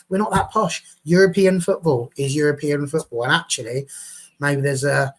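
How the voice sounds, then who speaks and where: A man's voice: a little high, brisk. A man hosting a casual fan panel, chatty and jokey, reading out viewer comments. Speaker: fan show host.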